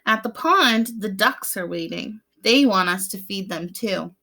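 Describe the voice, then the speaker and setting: A young woman with a clear, bright voice reads a picture book aloud to little children. She speaks like a gentle teacher, stopping to explain the pictures and ask questions. She playfully imitates the sounds from the story. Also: medium pitch, expressive, a little slow. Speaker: preschool teacher.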